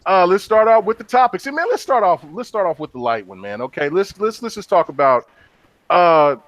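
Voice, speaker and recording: A man's voice: high-pitched, sing-song, a little fast, dry recording. A man hosting a casual gaming podcast, chatting in laid-back slangy banter with his co-hosts. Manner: laid-back slangy banter, repeats "you know what I'm saying". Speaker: podcast host.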